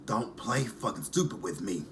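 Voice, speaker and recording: A man imitating an angry, foul-mouthed woman with a raspy smoker's voice, yelling and cursing. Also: on the low side, lively intonation, normal speed, background noise, natural voice. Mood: furious. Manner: cursing, shouting at someone.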